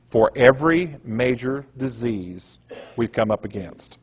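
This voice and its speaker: A man's voice: medium pitch, expressive, a little slow, breathy edge. A man giving a presentation in a rambling, emphatic storytelling manner. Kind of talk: conspiracy lecture talk.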